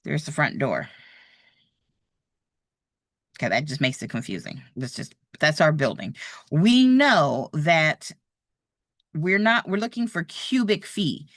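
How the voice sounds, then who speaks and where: Slow, patient woman tutoring math. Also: deep voice, big pitch swings, no room sound, studio quality. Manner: patient, encouraging, thinks aloud while drawing. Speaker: real estate exam tutor. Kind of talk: live online math lesson.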